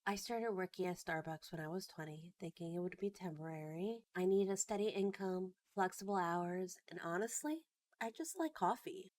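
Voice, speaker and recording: A woman's voice: on the low side, moderate pace, a little mellow. A woman in her thirties talking earnestly in a personal vlog, at times choked up with emotion. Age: 30s. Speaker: vlogger.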